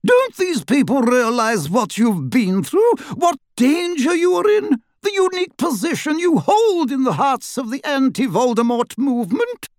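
Shrill outraged witch lady done by a guy reading a book, dry close sound. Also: big pitch swings, slow, hardly any pauses, smooth, no room sound, heavily acted. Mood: indignant. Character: indignant, earnest adult witch.

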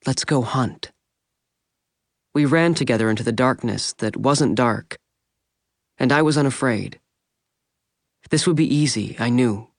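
A man narrating a first-person audiobook in a calm, intimate way. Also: mid-range voice, moderate pace, vocal fry, long pauses, dry recording, studio quality.

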